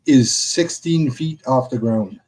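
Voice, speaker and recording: A man in his forties, a guest on a live stream, giving short answers and laughing quietly. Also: mid-range voice, slow. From of French descent. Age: 40s. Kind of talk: casual chat.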